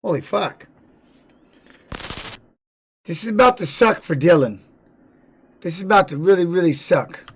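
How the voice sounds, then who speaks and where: A man's voice: sits high, expressive, unhurried, pauses often. A man giving casual live-stream commentary on fight videos, blunt and profane, repeating words for emphasis.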